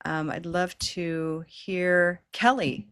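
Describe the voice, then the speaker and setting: Woman, pronunciation teacher on a video call; patient, encouraging, lowish pitch, dry sound. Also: fairly even intonation, drawn-out words, a bit bright, smooth, no room sound. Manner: patient, encouraging, models long held vowels. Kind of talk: online class teaching.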